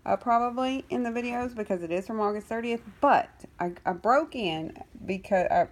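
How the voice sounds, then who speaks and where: A woman giving a casual vlog update on her foster kittens, rambling with many ums, cooing at the cats now and then, and coughing while she gets over an illness. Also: medium pitch. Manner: coos affectionately at the kittens. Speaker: cat rescuer and foster carer.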